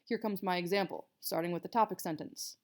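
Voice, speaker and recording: Chatty woman teacher with gravelly fry. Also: lowish voice, fairly even intonation, brisk, darkish tone. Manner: chatty, filler-heavy explaining with many "like"s. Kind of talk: casual recorded writing lesson.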